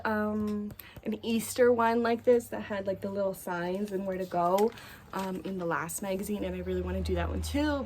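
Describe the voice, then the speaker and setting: A woman talks through her craft haul in an easy, chatty way, sprinkling in fillers and gushing over what she likes. Her voice sits in a middle pitch and sounds a touch breathless. A faint hiss runs behind her. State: a bit out of breath. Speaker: cross-stitch vlogger. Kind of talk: casual chat.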